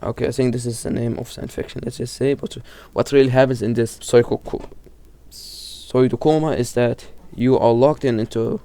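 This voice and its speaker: A man's voice: mid-range voice, fairly even intonation, moderate pace, warm tone. A man casually explaining horror lore, often stumbling, restarting and correcting himself, with lots of fillers. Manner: informal, filler-heavy delivery.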